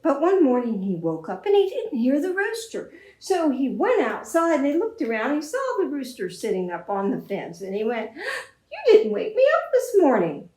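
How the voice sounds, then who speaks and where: A woman librarian reading a story aloud to children in an expressive storytime manner. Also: high-pitched, moderate pace, hardly any pauses. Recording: echoey room.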